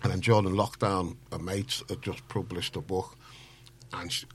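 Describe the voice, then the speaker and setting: A man, a guest author telling stories in a casual radio interview, full of restarts and animated asides. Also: deep voice, moderate pace, a little hiss or hum. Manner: animated, rambling storyteller with many restarts. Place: radio studio.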